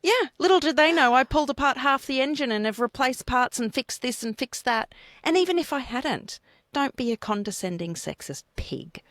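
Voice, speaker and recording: A woman's voice: sits high, normal speed, no echo, studio quality. An Australian woman co-hosting a casual chat show, telling stories bluntly and with plenty of swearing. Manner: animated, blunt storytelling with swearing. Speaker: podcast co-host.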